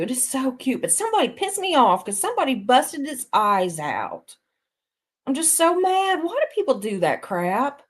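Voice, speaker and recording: A woman, hosting a casual livestream, rambling chattily to her viewers and laughing often. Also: fairly low pitch. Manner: talks to viewers reading chat. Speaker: live stream host.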